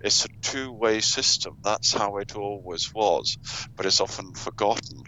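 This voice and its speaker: Bright-voiced man guiding a meditation. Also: on the low side, a little slow. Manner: gentle, coaxing, asks questions. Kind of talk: guided meditation talk. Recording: dull, lo-fi sound with faint noise.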